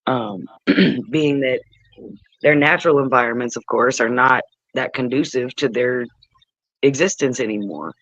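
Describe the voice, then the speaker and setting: A man's voice: medium pitch, fairly bright tone, dry recording. Earnest man on a dull lo-fi line. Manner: measured, earnest, with fillers. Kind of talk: casual live stream chat.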